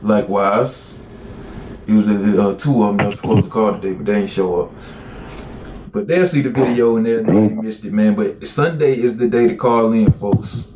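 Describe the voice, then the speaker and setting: A man with a lowish voice hosts a casual call-in podcast. He talks in a relaxed, rambling way, full of fillers. The sound is dull and roomy, with a faint hiss behind it. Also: moderate pace. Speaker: podcast host.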